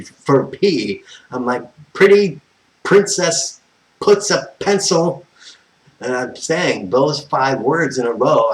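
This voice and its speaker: Medium in pitch with a fairly bright tone, this American vlogger recounts a personal story in poor audio. He's exasperated and constantly profane, and keeps drifting onto tangents.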